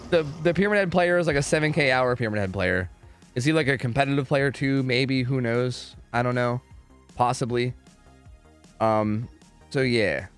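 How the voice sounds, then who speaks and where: Animated, profane young male streamer. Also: medium pitch. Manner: profane, animated and ranting, talks to chat. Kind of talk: casual livestream chat.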